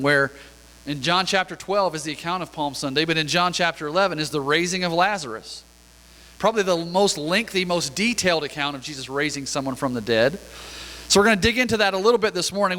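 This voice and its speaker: Bright-voiced pastor in a reverberant hall. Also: male voice, a little high, quick pace. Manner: conversational, reading scripture aloud. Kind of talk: sermon. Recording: long reverb of a church hall.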